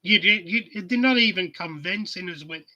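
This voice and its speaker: A man's voice: high-pitched, moderate pace, bright, forceful tone, dull audio. A middle-aged man, hosting a casual chat stream and telling anecdotes that he laughs at. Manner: chatty storyteller, laughs at his own anecdotes. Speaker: livestream host.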